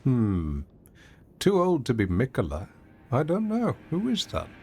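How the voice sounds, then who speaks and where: Playful man giving lively game commentary. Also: medium pitch, measured pace, soft background music. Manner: playful, self-mocking, chatty, with laughs. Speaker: streamer playing a video game. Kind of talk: casual gameplay commentary.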